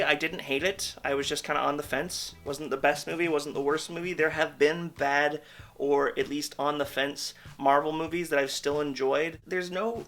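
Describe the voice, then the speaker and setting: A man's voice: fairly high pitch, fairly bright tone. A man giving a candid, rambling movie review in a casual vlog, swearing freely. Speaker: film reviewer.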